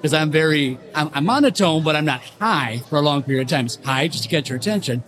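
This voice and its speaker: A middle-aged man and barbering educator telling stories in a straightforward, animated way on a panel. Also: fairly high pitch, fast talker. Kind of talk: panel discussion. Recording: music and crowd behind.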